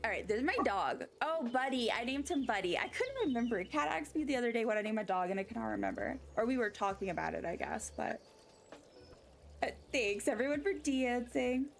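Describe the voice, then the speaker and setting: A woman's slightly high, expressive, creaky voice comes through briskly as she streams a game, with a little hiss or hum present. She chats casually and rambles, getting sidetracked, and reads chat aloud to answer it.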